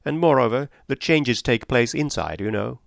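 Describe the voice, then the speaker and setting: A man voicing an eccentric old male doctor who speaks in a calm, sententious, imperturbable way. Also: mid-range voice, normal speed, vocal fry, no echo, studio quality. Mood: calm probing.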